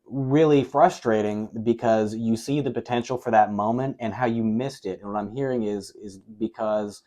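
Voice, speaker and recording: A low-voiced man hosting a casual interview. He reflects his guest's words back to him thoughtfully, pausing on "um"s as he builds his points in a coach-like way. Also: mellow. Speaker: interview host.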